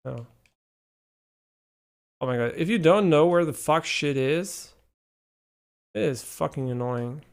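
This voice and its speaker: A young man streaming live, giving casual gameplay commentary, excitable and swearing a lot as he talks to his chat. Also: a little high, slow, gravelly, long pauses.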